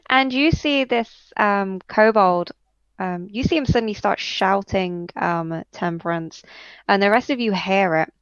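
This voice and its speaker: A woman narrates a tabletop fantasy game as game master, pausing often with ums and uhs. Her voice is smooth and clear at a middle pitch. The recording is dry and somewhat dull, like a home mic. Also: no echo. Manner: hesitant, many ums and uhs.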